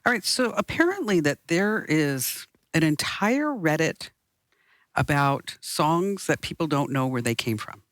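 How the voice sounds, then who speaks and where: A man's voice: a little high, sing-song, unhurried, a bit bright, no echo, studio quality. Teasing, laughing male co-host. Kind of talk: casual podcast banter.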